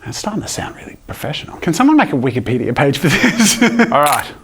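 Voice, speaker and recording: A man hosting a comedic art challenge vlog, joking with viewers in a self-mocking way and now and then shouting from excitement. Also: a little high, quick pace, slight background noise. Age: adult. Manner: playful, self-mocking, jokey asides to viewers. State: physically tired from drawing with a long pole. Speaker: art YouTuber. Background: faint background music.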